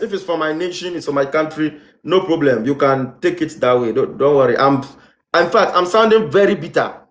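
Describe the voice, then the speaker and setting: Ghanaian guy ranting on his vlog, kinda high voice, keeps asking "is it not happening", room echo. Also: fairly bright tone. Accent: Ghanaian English. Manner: heated, repetitive rhetorical questions. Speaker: vlogger. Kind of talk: impassioned commentary monologue.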